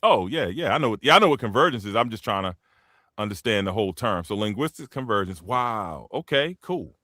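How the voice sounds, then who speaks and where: A man's voice: on the low side, a little fast, no echo, clean studio sound. A man hosting a podcast, telling stories in a casual, slangy, profane way and acting out the people he quotes with laughs. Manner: animated, acts out quotes with laughs. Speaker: podcast host. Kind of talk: casual storytelling chat.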